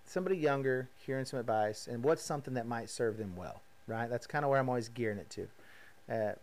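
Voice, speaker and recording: Podcast host, male, 30s, casual and animated, plays the voices in his own stories. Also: mid-range voice. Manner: animated, acts out quoted voices, laughs at himself. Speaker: podcast host, rodeo roper. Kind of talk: casual storytelling monologue.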